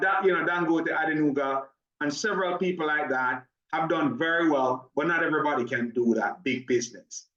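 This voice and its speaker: A man with a Jamaican accent giving an upbeat, persuasive online sales presentation, talking fast when excited. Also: fairly high pitch, roomy sound, distant mic, muffled recording. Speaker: business opportunity presenter.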